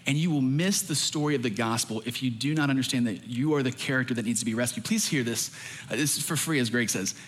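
A man's voice: mid-range voice, quick pace, few pauses. A young adult man, a pastor, preaching a sermon in an earnest, emphatic way.

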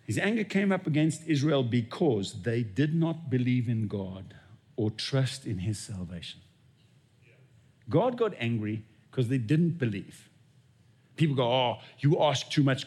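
A man preaching a sermon as lead pastor, telling stories and acting out little dialogues. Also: medium pitch. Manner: storytelling, acts out dialogue with God.

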